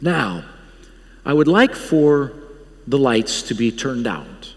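A man quoting a female worship director who speaks slowly and solemnly. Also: mid-range voice, big pitch swings, big-room sound.

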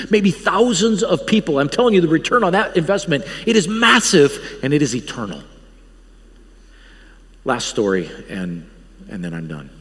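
A man who leads a Bible college, preaching a guest sermon with earnest, emphatic appeals and frequent restarts. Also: on the high side. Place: church sanctuary. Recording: long church hall reverb.

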